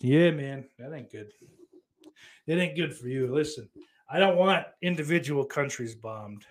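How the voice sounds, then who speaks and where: A man's voice: on the high side, measured pace. A man chatting casually on a live stream, reading chat messages and answering with rambling, profane, sarcastic remarks.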